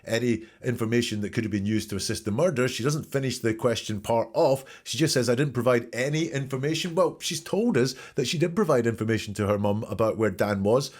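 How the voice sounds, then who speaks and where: A man's voice: medium pitch, lively intonation, a little fast, few pauses, a little mellow, breathy edge. A man hosting a show where he breaks down court testimony in spoken commentary, emphatic and questioning, repeating key words. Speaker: host analyzing trial testimony.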